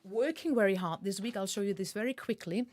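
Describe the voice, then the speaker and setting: A German woman co-hosts a casual music live stream, her mid-range, slightly mellow voice moving briskly. She's chatty, telling a joke and laughing often.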